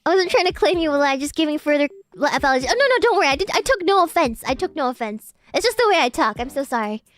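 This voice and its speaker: High-voiced giggly woman streamer. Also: sing-song, quick pace. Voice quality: formerly very nasal, now loosened. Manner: self-described posh, slightly uppity-sounding English; giggly, reads chat messages aloud and thanks viewers. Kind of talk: casual chat with live chat.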